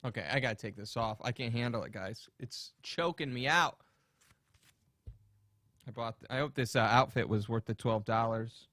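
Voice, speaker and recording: A man hosting a comedy podcast, talking crudely and profanely in a rapid, ranting way. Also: medium pitch, fairly bright tone, dry recording, studio quality. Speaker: podcast host. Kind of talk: casual comedic podcast rant.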